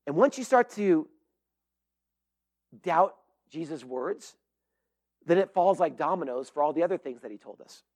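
Middle-aged male pastor with a high voice, earnest and emphatic sermon delivery. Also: animated, moderate pace, pauses often, a little mellow, breathy edge. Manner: earnest, emphatic, with frequent fillers and restarts.

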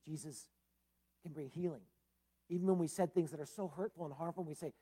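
A man preaching a sermon as pastor, swinging between loud emphasis and soft low tones, with casual asides like "man" and "uh". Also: fairly quick, pauses often, slightly rough.

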